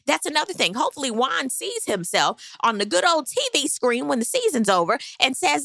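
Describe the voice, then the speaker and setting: A woman casually recapping a reality show with sassy, animated commentary and high squealing reactions. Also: a little fast, gravelly, hardly any pauses, no room sound, clean studio sound.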